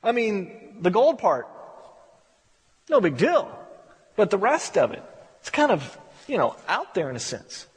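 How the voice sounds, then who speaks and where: A man's voice: sits high, huge pitch swings, unhurried, pauses often, husky, long reverb tail. A man preaching a conversational verse-by-verse Bible study, repeating words as he stresses a point. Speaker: pastor.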